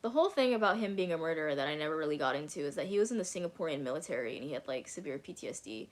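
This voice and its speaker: A woman's voice: low voice, lively intonation, very fast. A young woman telling a personal story in casual vlog chat, candid, swearing freely and saying "like" a lot. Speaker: vlogger.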